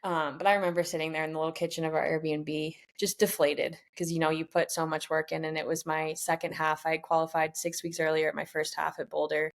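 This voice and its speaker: Low-voiced young woman telling a race story. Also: level tone, brisk, few pauses. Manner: chatty and candid, relives moments by quoting herself and others. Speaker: professional triathlete guest. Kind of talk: casual storytelling in a podcast interview.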